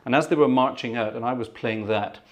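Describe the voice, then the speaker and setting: A man's voice: medium pitch, a little fast. A man hosting a live organ music stream, chatting casually with viewers, thanking them by name and telling a long anecdote. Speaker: organist and livestream host. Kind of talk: casual chat. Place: at home.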